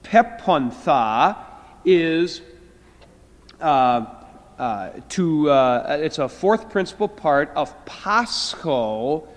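High-voiced man lecturing in a hall. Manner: explains slowly, drawing out words, with filler restarts. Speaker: Greek professor. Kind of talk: classroom lecture. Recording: hall reverb.

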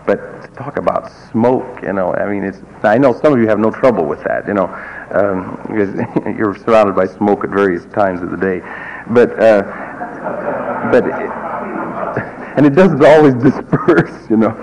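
A man with a fairly low voice gives a classroom lecture, explaining patiently and drifting into wry asides. The recording is dull and lo-fi, with a faint hiss in the background. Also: measured pace, darkish tone. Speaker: music teacher.

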